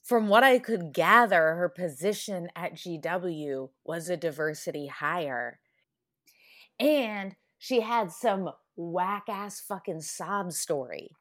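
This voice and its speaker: A woman's voice: fairly low pitch, slow pace, a bit bright. A woman co-hosting a podcast, recounting a story in casual slang with frequent laughs. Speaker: podcast co-host. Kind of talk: casual chat.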